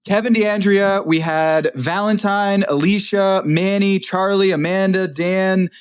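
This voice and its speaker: A man's voice: sits high, steady tone, a little slow, clear, resonant tone. A man co-hosting a podcast, talking through his points in an easy, analytical way with many filler words. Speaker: podcast co-host. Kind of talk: casual chat.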